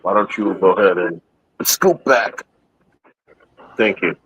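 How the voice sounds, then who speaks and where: A man's voice: low voice, slow, fairly bright tone, slight background noise, low-quality recording. A man chatting casually as a podcast guest, rambling and repeating himself, with easy laughter as he talks. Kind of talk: casual chat.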